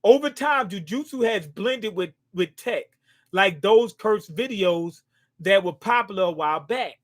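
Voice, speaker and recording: A man with a high, bright-pitched voice reacts live as he reads a comic aloud. He is excitable, bursts out at big moments and trips over hard names as he goes. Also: a little slow. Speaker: manga reaction host.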